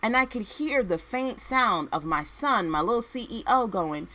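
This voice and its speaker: A woman's voice: fairly high pitch, animated, normal speed, sharp tone. A woman entrepreneur and work-at-home mom giving a motivational speech, with punchy one-word headings, repeated phrases and conversational asides to the listener.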